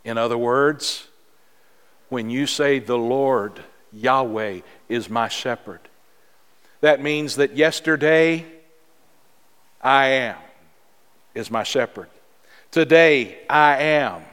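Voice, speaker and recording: A man preaching a sermon as pastor, in a measured, earnest way with emphatic pauses. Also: mid-range voice, fairly bright tone, clear, resonant tone. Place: church sanctuary. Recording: long reverb of a large hall.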